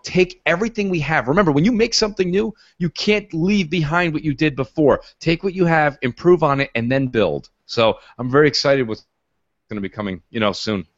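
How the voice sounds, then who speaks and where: A man in his thirties chats on a podcast. He tells stories excitedly and acts out quotes loudly. The recording is dry and a little dull. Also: a little high, fairly quick, no room sound. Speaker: podcast panelist. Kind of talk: casual chat. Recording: dull lo-fi sound.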